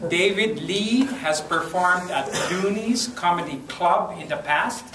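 High-pitched guy emceeing, upbeat intro for the next act, far from the mic, echoey room. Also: measured pace, noisy background. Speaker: event emcee. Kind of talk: introducing a performer. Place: library event room.

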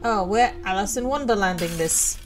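A woman commentating her playthrough of a horror game, excitable and sarcastic, often laughing. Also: mid-range voice, normal speed, noisy background. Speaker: let's play gamer.

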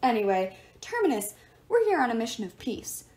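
A woman voicing a calm, diplomatic teenage boy trying to keep the peace. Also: fairly high pitch, fairly quick. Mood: placating. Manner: steady, placating.

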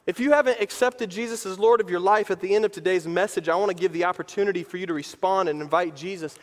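A man's voice: sits high, fast talker, hardly any pauses, in a large hall. A man preaching a sermon as pastor, emphatic and repeating phrases for weight. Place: church sanctuary.

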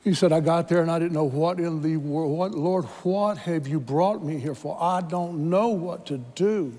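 A man's voice: a little high, moderate pace, warm tone, big-room sound. A man preaching a sermon, telling a story dramatically and acting out the voices in it. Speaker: pastor. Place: church sanctuary.

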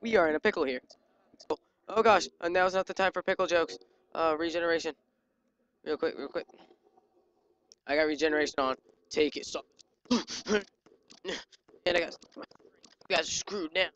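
A gaming channel host giving excitable live commentary while playing, yelping and joking at enemies. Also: mid-range voice, normal speed, long pauses, lo-fi sound, slight background noise. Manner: excitable, yelps and jokes at enemies. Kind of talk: live let's-play commentary.

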